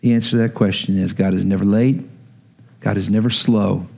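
A man's voice: steady tone, brisk, vocal fry, warm tone. A man preaching earnestly as pastor, then leading a prayer and an altar call. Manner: earnest, emotional, rising in pitch as he pleads.

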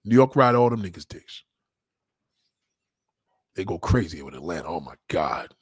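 Profane, rambling streamer man, low voice. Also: very animated, normal speed, breathy edge, dry recording. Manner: profane, rambling street talk with shout-outs. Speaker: livestream host. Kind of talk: casual livestream chat with viewers.

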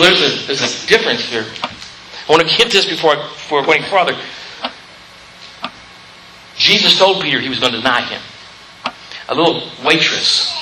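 A man preaching a fiery sermon in a church, calling out "Amen?" and rising to shouts. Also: on the high side, echoey room, noisy background.

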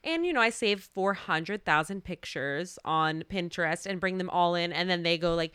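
A young woman tells stories on a podcast as a guest. Her voice is bright, clear and smooth, and it swings widely in pitch as she acts out quotes. The sound is close and dry. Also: moderate pace, hardly any pauses, no room sound. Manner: animated storyteller, acts out quotes. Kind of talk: casual chat.

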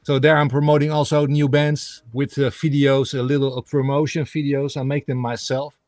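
Halting man, dry sound. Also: mid-range voice, little pitch movement, a little mellow, no room sound. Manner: halting, many fillers while searching for English words. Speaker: guest, radio host and music blogger. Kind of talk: interview answers in a second language.

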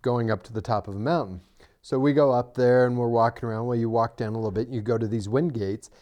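Middle-aged guy on a podcast, mellow warm voice, teasing, loose storytelling. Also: medium pitch, fairly even intonation, fast. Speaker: podcast co-host. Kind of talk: casual chat.

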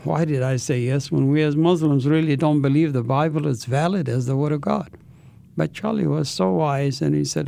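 A man's voice: fairly high pitch, fairly quick, creaky, mellow. A man, an interview guest, telling his life story with an intense, earnest manner.

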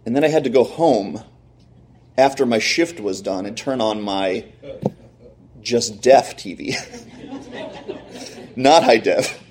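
A man's voice: medium pitch, slow, pauses often. A middle-aged man telling a personal story in a sermon, acting out the voices of the people he quotes. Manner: animated, acts out quoted voices.

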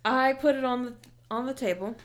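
A young woman telling a story in casual chat, animated and heated, swearing often and filling with "like". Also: high-pitched, a little fast. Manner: heated, animated retelling with heavy swearing and many "like" fillers.

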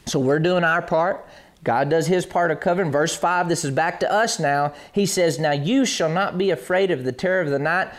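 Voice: medium pitch, moderate pace. A preacher delivering a sermon with scripture readings, preaching in an emphatic, repeating cadence, acting out little scenes and chuckling between points. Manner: animated, acts out little scenes and sounds.

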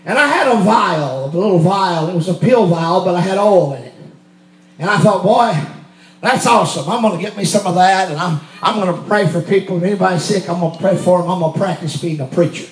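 Male preacher, high voice, storytelling sermon, roomy church sound. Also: a little fast. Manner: storytelling, rising to shouts. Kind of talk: sermon testimony. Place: church sanctuary.

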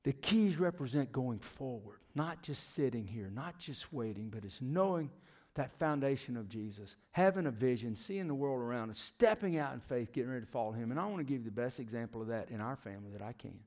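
Middle-aged preacher guy, lively sermon, quizzes the crowd, goes quiet and whispery at times. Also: mid-range voice, brisk. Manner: animated, asks the congregation questions, drops to a near whisper. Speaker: preacher, former youth minister and missionary.

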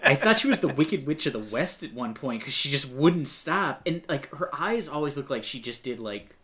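Sarcastic bright-voiced man podcaster. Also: medium pitch, lively intonation, normal speed. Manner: sarcastic, mocking, acts out quotes. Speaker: podcast co-host. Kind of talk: casual movie-review banter.

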